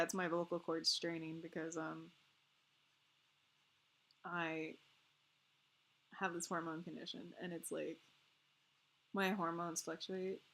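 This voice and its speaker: A woman co-hosting a game stream, chatting casually in a rambling, animated way and laughing often between phrases. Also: fairly low pitch, vocal fry. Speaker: stream co-host.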